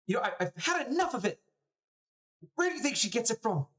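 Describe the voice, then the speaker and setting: A man doing a shrill, bitter mother. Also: animated, moderate pace, gravelly. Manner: shrill, scolding, cursing.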